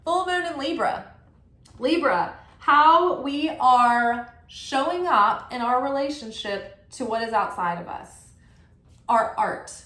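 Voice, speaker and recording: A woman giving a casual spiritual tarot reading, animated and chatty, full of affirmations and frequent "like". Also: fairly high pitch. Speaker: tarot reader. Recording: roomy echo.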